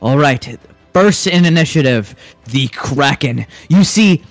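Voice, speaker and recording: A man narrating a tabletop game as game master, unhurried and hesitant with fillers. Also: medium pitch, lively intonation, soft background music.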